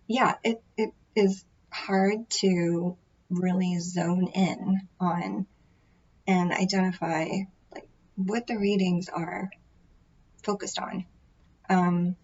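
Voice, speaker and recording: A woman's voice: on the low side, fairly even intonation, extremely slow, pauses often, darkish tone, breathy edge, highs cut off. A woman chatting casually to camera about her tarot readings, rambling and self-deprecating, full of fillers and restarts. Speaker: tarot vlogger. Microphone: built-in microphone array.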